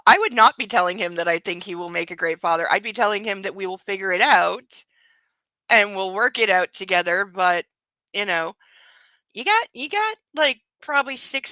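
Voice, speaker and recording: A woman's voice: medium pitch, pushed and bright, dry recording, poor audio. A woman at home reading a book aloud and adding sarcastic, swearing commentary. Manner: sarcastic, swears freely, talks to her dog.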